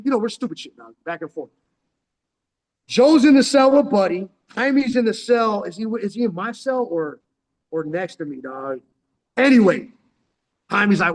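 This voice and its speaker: A man in his forties from San Diego spins stories in casual chat. His voice sits high, and his talk is loose street slang. He keeps calling his listener "dog" and acts out what everyone said. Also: normal speed. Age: 40s. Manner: street slang, keeps saying "dog", animated retelling with acted-out quotes. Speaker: storyteller.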